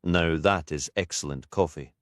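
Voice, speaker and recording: A man voicing a calm, measured male police detective in an audiobook. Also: a bass voice, dry recording, clean studio sound.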